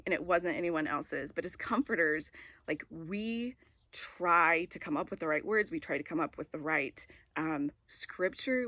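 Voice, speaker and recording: A woman's voice: on the low side, fairly bright tone, dry recording. A woman in her forties giving a casual devotional talk. She tells a personal story in a rambling way with many filler words. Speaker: devotional speaker.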